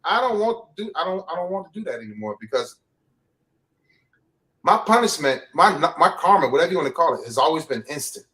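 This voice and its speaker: A man's voice: a little high, very animated, brisk, pushed and bright, distant mic. Blunt, candid man, a little off-mic. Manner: blunt, self-reflective, repeats himself. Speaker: interview guest. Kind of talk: candid confessional talk.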